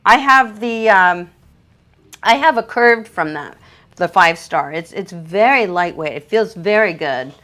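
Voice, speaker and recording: Excitable woman groomer chatting on a livestream. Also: fairly low pitch, measured pace. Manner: excitable and gushing, laughs often. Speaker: professional dog groomer hosting a live stream. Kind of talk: casual live-stream chat, reading viewer comments.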